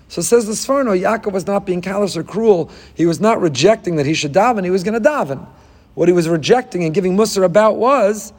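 A man giving a sermon as a rabbi, moving between soft reflective passages and loud emphatic outbursts. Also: high voice, expressive, fairly quick, long reverb tail. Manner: rises to loud emphatic outbursts when voicing scripture.

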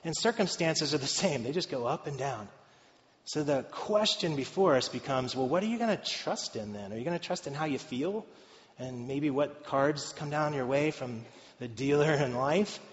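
Guy preaching a sermon, chatty and jokey, kinda high voice, echoey hall, muffled sound. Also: lively intonation, normal speed. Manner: conversational, joking asides to the congregation.

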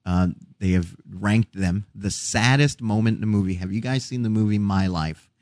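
A man's voice: fairly low pitch, normal speed, a little mellow, no room sound, clean studio sound. A middle-aged man in casual chat, telling stories in an emotional, self-deprecating way.

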